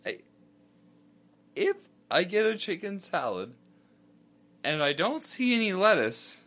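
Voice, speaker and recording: A man's voice: high-pitched, very animated, slow pace, a bit bright. A young man co-hosting a podcast, teasing his friend and laughing almost constantly. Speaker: podcast co-host. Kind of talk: casual banter.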